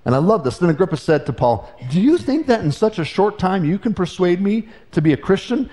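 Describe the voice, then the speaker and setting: A man delivers a sermon in an earnest, conversational tone, his voice sitting a little high. He often restarts his phrases as he talks them through. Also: very animated, fairly quick, few pauses, warm tone. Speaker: pastor.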